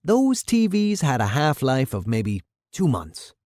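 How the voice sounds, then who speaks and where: A man's voice: medium pitch, wildly swooping pitch, slow pace, a little mellow, no room sound, clean studio sound. A man reading the part of a bitter, vengeful older man who recounts his killings in a grim, matter-of-fact way. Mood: grim, boastful. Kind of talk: dramatic reading of a radio play.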